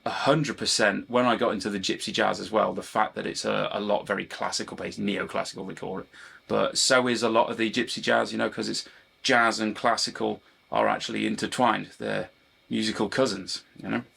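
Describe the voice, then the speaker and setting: A man with a low, gravelly voice that has a husky, rough edge. He talks to camera in a loose, rambling way, drifting between stories and apologising for getting sidetracked. An electric guitar plays behind him between his remarks. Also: steady tone, normal speed, pushed and bright. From Britain. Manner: digressive, self-deprecating, often apologises for rambling. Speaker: guitar teacher and channel host. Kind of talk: rambling casual chat to camera.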